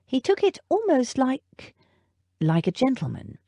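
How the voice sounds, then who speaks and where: A composed, formal male butler who never loses his polish, as a woman narrator puts him on, his delivery slow and soft-spoken. The lines come measured and unruffled, with a lively rise and fall. It's a dry, close audiobook recording. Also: high-pitched, creaky, dry recording, pitched above the performer's own voice, heavily acted. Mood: thoughtful. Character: proper older male butler, smooth and composed.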